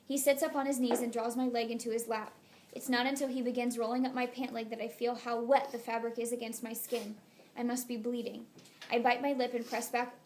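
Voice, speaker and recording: A woman reads a first-person novel aloud in a soft, intimate, unhurried voice that sits fairly high. A faint hiss lies under the recording. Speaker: audiobook narrator. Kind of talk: first-person audiobook narration.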